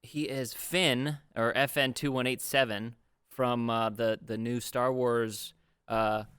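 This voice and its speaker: A man's voice: mid-range voice, flat delivery, slow, a bit bright, clean tone, no echo, clean studio sound. A young man hosting a film podcast, upbeat and jokey, steering the conversation. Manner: upbeat, jokey, leads the talk. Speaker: podcast host. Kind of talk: casual film review chat.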